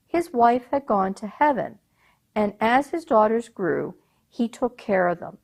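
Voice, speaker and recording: A woman telling a folk tale at a public event, narrating in an expressive, deliberate manner. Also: medium pitch. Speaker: storyteller. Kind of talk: oral storytelling at a public event.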